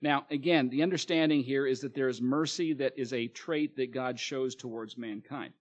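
Man preaching with a higher voice. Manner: reads verses and explains them plainly, with fillers and restarts. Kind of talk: sermon with scripture reading.

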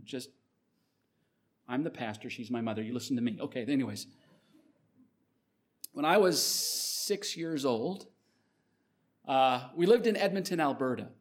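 A man's voice: mid-range voice, normal speed, long pauses. Conversational male pastor telling a story. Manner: conversational storytelling, lively swings in loudness. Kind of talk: sermon with personal story.

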